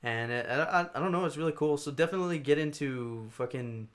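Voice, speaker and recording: A young man in casual chat, rambling through stories with lots of swearing, fillers and animated bursts. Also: a little high, fairly quick. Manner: rambling, profane, animated storytelling.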